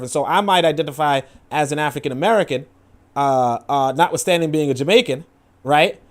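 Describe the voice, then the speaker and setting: A man's voice: a little high, brisk. A man commenting casually on a clip, rambling with many fillers. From New York. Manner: rambling, filler-heavy, acts out quoted voices.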